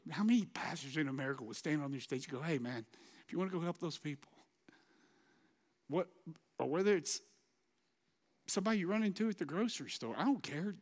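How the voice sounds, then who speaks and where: A man preaching a sermon as pastor, impassioned and exhorting, and emotional as he closes in prayer. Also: sits high. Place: church auditorium. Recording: long church hall reverb.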